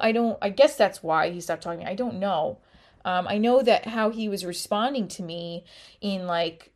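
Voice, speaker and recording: A woman in her thirties hosting a podcast, talking openly and emotionally about being hurt, swearing often. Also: mid-range voice. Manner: raw, emotional, frequent swearing. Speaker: podcast host. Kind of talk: candid personal monologue.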